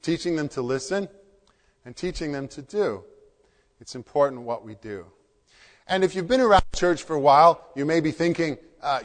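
A man's voice: a little high, lively intonation, normal speed. A man preaching as a pastor in church, earnest and repeating key phrases for emphasis. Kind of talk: sermon. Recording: long hall reverb.

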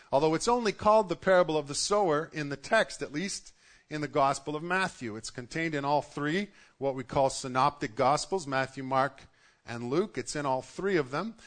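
A man's voice: on the high side, fairly bright tone. A middle-aged man preaching a sermon to his congregation in a conversational way, often restarting his sentences. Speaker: pastor.

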